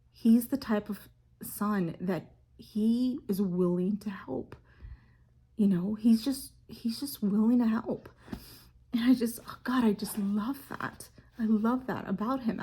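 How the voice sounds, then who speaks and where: Breathy woman sharing a heartfelt story. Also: medium pitch, mellow. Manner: earnest, halting, emotional storytelling. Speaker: mother sharing a faith reflection. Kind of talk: casual devotional talk to camera.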